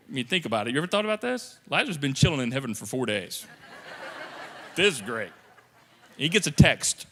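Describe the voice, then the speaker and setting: Bright-voiced preacher in an echoing church. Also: male voice, high voice. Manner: animated, joking, swings between soft and loud. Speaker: pastor. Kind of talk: sermon. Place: church sanctuary. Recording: reverberant church sanctuary.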